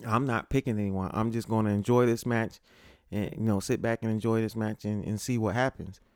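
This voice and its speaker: A man's voice: lowish voice, fairly even intonation, fairly quick, clean tone, no echo, studio quality. Rambling casual man hosting a podcast. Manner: loose and rambling, many fillers and restarts. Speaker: podcast host.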